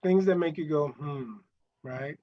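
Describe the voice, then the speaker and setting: A man's voice: on the high side, moderate pace, muffled recording, a crowd in the background. A man hosting a live online show, chatting casually and hesitantly, often restarting his sentences. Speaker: show host.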